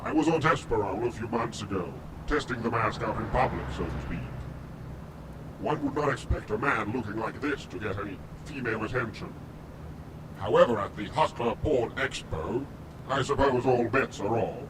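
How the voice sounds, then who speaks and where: An actor playing a masked male ex-convict who calls himself a doctor, speaking in a formal, affected way, recorded from a distance over a rumbling noise. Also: lively intonation, moderate pace, close to an everyday voice. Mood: explaining. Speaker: film character. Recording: distant mic with noisy rumble.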